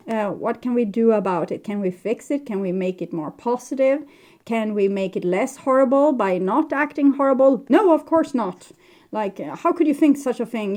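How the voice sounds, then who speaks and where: A woman's voice: medium pitch, dark tone. A woman giving a rambling tarot reading, talking in a hesitant, meandering way full of fillers and restarts. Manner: meandering, hesitant, many fillers and self-corrections. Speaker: tarot reader.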